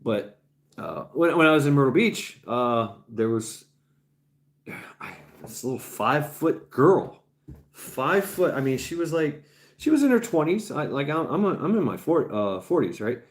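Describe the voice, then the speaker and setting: A man's voice: a little high, big pitch swings, measured pace. A man in his forties chatting on a livestream as its host, rambling, swearing freely, laughing often and repeating himself, tired after hours on air. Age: 40s. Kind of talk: casual livestream chat.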